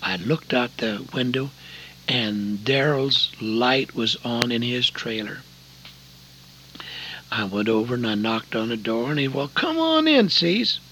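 An older man from Oregon preaching a sermon, earnest and folksy, telling a story with sudden loud emphasis. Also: medium pitch, steady tone, a little slow, a little hiss or hum, low-quality recording. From Oregon, USA.

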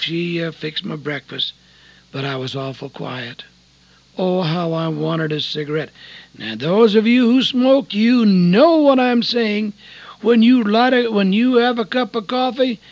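Earnest high-voiced preacher, lo-fi recording. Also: male voice, creaky, no echo. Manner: earnest, folksy storytelling. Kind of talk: sermon with personal testimony. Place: Seattle. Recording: dull lo-fi sermon recording.

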